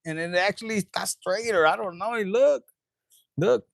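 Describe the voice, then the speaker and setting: A man with a slightly high, gravelly voice gives a loose, animated tarot reading. He swears freely and keeps slipping into quoted voices and scraps of Spanish. The sound is close and dry, with no room around it. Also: normal speed, dry recording. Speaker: tarot reader. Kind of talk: casual tarot reading to camera.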